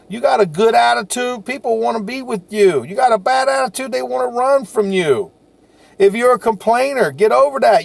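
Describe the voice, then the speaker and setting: A man's voice: fairly high pitch, gravelly. A salesman giving a folksy, repetitive, encouraging motivational talk to camera.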